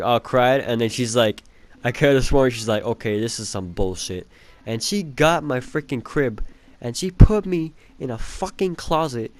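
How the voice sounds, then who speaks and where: A young man telling a childhood story in a rambling, casual way, swearing a lot and filling pauses with um and like. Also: mid-range voice. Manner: rambling, profane, full of fillers and laughs.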